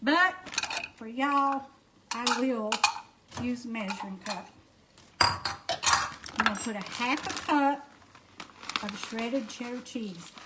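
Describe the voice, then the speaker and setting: High-voiced Southern woman in her kitchen. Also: lively intonation, slow, long pauses. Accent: Southern US, Alabama. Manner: folksy, chatty, greets viewers by name. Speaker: home cooking livestream host. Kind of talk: casual cooking livestream chat. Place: home kitchen. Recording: noisy kitchen with clattering dishes.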